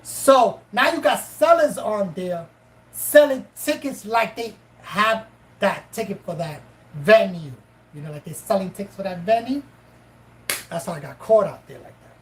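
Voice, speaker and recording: A woman's voice: medium pitch, unhurried, a little hiss or hum, rough recording. A woman host casually telling a story on a live stream, swearing freely and acting out both sides of the dialogue. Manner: profane, animated, acts out both sides of dialogue.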